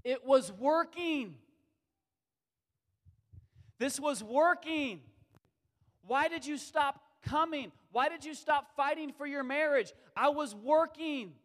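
Preacher doing Jesus pleading, raised and high, long echo behind. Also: male voice, expressive, slow, long pauses, exaggerated voice. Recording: long hall reverb.

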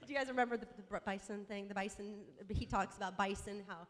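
A mother telling a personal faith story in an animated, self-mocking way, acting out the dialogue. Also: mid-range voice, quick pace. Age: adult mother. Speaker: speaker sharing a faith story. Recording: long hall reverb.

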